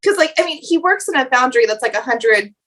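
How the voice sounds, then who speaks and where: A woman's voice: high voice, animated, brisk, a bit bright. Blunt, salty woman panelist. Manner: blunt, profane, laughing asides. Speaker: podcast panelist. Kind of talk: casual roundtable chat.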